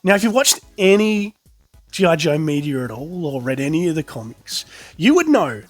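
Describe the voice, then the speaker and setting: A man's voice: on the high side, big pitch swings, normal speed, dry recording, faint music behind. A man from South Australia with an Australian accent, presenting his toy collection in a chatty, enthusiastic way. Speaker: toy collector vlog host. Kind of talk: casual show-and-tell presenting.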